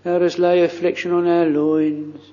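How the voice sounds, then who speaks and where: A man's voice: a little high, level tone, unhurried, warm tone. A man leading an earnest, pleading prayer from the pulpit in old-fashioned formal language, recorded in a church. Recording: dull lo-fi recording in a reverberant hall.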